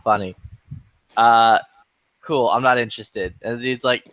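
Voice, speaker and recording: A man's voice: medium pitch, normal speed, pauses often, a bit bright, no echo. A man in a casual online voice chat, telling rambling, profane stories. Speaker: gamer in voice chat.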